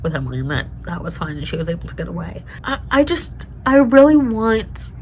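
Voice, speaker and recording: Lower-voiced woman in an emotional reaction vlog. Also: big pitch swings, a little fast, a little hiss or hum, poor audio. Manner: emotional, swears often, talks to herself. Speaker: vlogger reacting to a TV show. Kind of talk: casual reaction chat.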